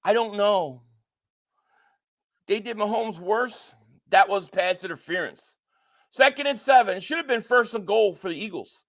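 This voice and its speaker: A man streaming a live reaction to a football game, calling the plays and reading viewer chats aloud. He talks excitably, repeats himself when worked up, and swings from shouting at calls to flat frustration. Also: sits high, a little slow, long pauses.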